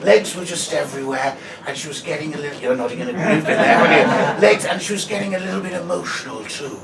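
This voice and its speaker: A man's voice: a little high, quick pace, creaky, over a noisy crowd. A male comedian doing live stand-up, chatty and sweary, bantering with the audience. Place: small live comedy venue. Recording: echoey room, distant mic, loud ambient noise.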